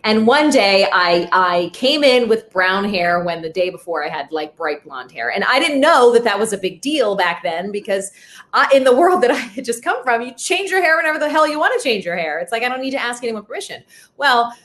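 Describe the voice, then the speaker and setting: A young adult woman hosting a podcast in casual chat, telling stories in an animated, self-deprecating way. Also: on the high side, a little fast. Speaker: podcast host.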